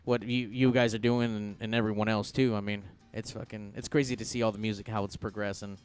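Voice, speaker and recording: A man's voice: fairly low pitch, flat delivery, brisk, smooth, faint music behind. A man hosting a casual podcast, with crude, joking banter and a Southern California accent. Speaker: podcast host. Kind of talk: casual raunchy podcast chat.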